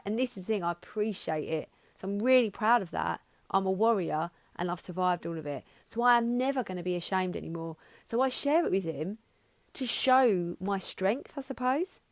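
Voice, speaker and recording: A woman's voice: on the low side, dry recording. A woman in her thirties hosting a podcast, speaking frankly and emotionally about her own life, with frequent restarts and some swearing. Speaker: podcast host. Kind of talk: candid personal monologue.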